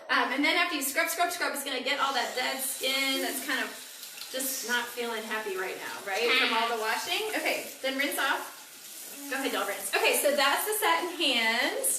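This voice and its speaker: A bright, bubbly woman in her forties hosts a live product party from home, giggling as she chats. Her voice sits high and swoops about, and the room gives it a clear echo with faint noise behind. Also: recorded from a distance. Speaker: beauty product seller hosting a live party. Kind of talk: casual live demo chat.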